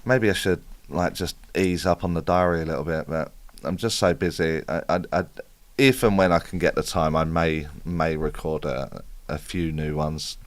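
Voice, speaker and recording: A man's voice: a bass voice, steady tone, moderate pace, dry recording. A man, a spiritual medium, chatting casually as he answers viewer questions on a live stream. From United Kingdom. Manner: chatty, reads out viewer comments and answers off the cuff.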